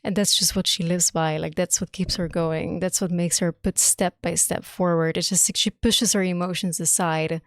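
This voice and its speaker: A woman's voice: lowish voice, fairly even intonation, normal speed, hardly any pauses, no echo, clean studio sound. A young woman streamer giving live reaction commentary on a game, gushing and emphatic, swearing often.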